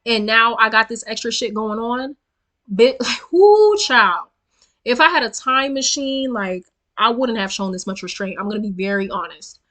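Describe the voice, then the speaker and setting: A young woman, telling a storytime vlog in an animated, profane, emphatic way straight to her viewers. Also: on the high side, brisk. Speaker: storytelling vlogger. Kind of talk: casual storytime rant.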